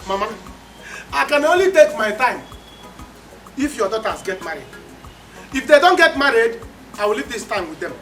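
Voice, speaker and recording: An actor in a Nollywood film plays a brash, scheming Nigerian woman who bullies her family, loud, boastful and repetitive. Her voice is a little high and very animated, at a moderate pace with frequent pauses, over faint music.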